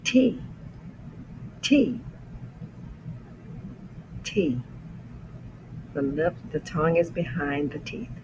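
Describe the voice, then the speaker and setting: A man teaching the letters of the alphabet as an English lesson, saying each letter slowly and explaining how the mouth shapes it. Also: a little high, fairly even intonation, noisy background. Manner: careful, deliberate letter-by-letter demonstration. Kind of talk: slow pronunciation lesson.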